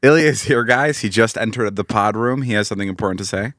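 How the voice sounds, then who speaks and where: A man's voice: fairly low pitch, quick pace, fairly bright tone, dry recording. Young man, podcast co-host, joking, rambling restarts, dry close sound. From suburbs of Chicago. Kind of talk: casual chat.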